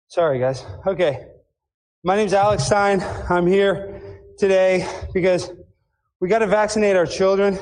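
A man performing a satirical character who chants and shouts rhyming lines in a breathless, frantic way. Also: high voice, pitched above the performer's own voice. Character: frantic man rant-singing a vaccine chant.

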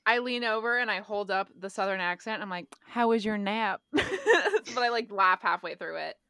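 A woman's voice: medium pitch, animated, normal speed, pushed and bright, dry recording, studio quality. A woman player at a tabletop game, chatting bluntly and laughing. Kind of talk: casual tabletop chat.

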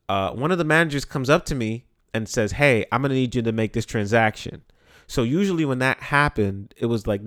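A man hosting a podcast, telling stories in a profane, animated way, with congested sinuses. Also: lowish voice, no room sound, studio quality. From the Bronx, New York. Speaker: podcast host. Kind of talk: casual storytelling monologue.

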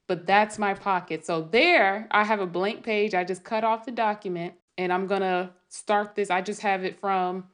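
A woman's voice: mid-range voice, steady tone, normal speed, few pauses, fairly bright tone. A woman writer rambling through a casual late-night monologue, thinking aloud with many restarts and trailing thoughts.

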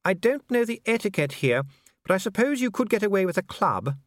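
A man's voice: high-pitched, big pitch swings, brisk, dry recording, clean studio sound, pitched above the performer's own voice. A man voicing a proper, worried noblewoman who speaks in a genteel, fussy way. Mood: fussing. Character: proper, worried noblewoman, middle-aged wife. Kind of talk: audiobook character voice.

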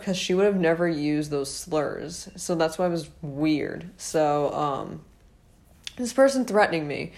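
A young woman telling a personal high school story in a rambling, casual way, full of fillers and little laughs. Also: darkish tone. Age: young adult.

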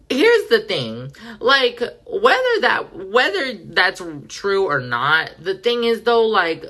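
A woman's voice: extremely low pitch, bright, forceful tone. A woman hosting a podcast, ranting in a sassy, profane, slang-heavy way. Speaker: podcast host. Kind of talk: casual pop-culture rant.

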